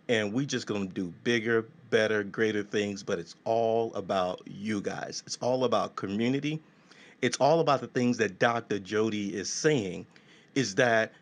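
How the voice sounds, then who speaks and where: A man hosting a casual talk show, animated and jokey, repeating his thanks. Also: lowish voice. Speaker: show host.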